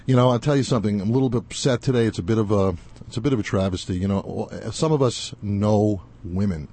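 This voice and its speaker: A man's voice: on the low side, fast, mellow. A male talk show host delivering passionate, emphatic commentary. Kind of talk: opinionated commentary.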